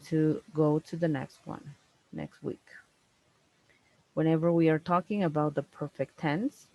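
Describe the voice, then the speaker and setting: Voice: medium pitch, a little mellow, no echo, lo-fi sound. English teacher, patient one on one grammar lesson, keeps tacking on "no?" and "right?", dry close sound. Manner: patient, explains slowly, ends points with "no?" and "right?".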